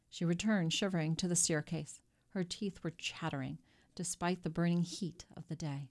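Woman narrating an audiobook, low voice. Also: fairly even intonation, moderate pace.

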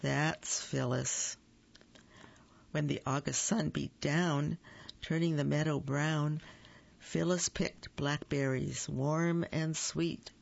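Slow gravelly man reading a children's story. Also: a little high, fairly even intonation, muffled recording. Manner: slow, gentle storytelling with small slips. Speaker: reader.

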